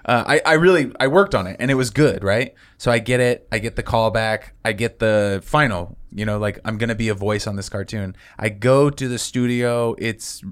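A man's voice: fairly low pitch, moderate pace, few pauses, smooth. A man co-hosting a casual podcast, telling rambling anecdotes full of fillers. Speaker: podcast co-host.

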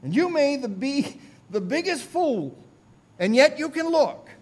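A pastor putting on a fervent Essex lay preacher. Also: male voice, extremely high pitch, very animated, measured pace, voice pushed up, full character voice. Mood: folksy emphatic. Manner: folksy, repetitive, pleading. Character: thin, plain-spoken male lay preacher, fervent.

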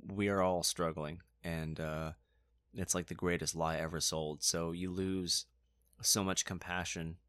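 A man's voice: sits low, flat delivery, unhurried, fairly bright tone, smooth, dry recording, studio quality. A man co-hosting a podcast in casual chat, earnest and preachy, swearing now and then. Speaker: podcast co-host.

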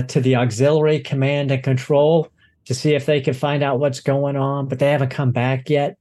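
A man voicing a flustered woman dock supervisor who rambles, halting on fillers. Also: mid-range voice, warm tone, natural voice.

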